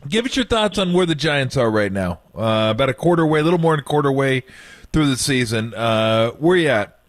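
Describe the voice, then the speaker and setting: A man's voice: medium pitch, animated, fairly quick, dry recording, clean studio sound. A man hosting sports radio, chatting in an upbeat, jokey way. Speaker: radio host. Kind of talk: casual sports radio chat.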